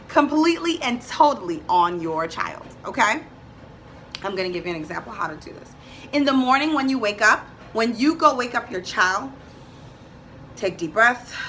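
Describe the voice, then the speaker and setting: Animated, bright-voiced woman giving a talk. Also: a little high, a little hiss or hum. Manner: emphatic and direct, repeats key points. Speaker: speaker giving a talk to parents. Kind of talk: motivational talk.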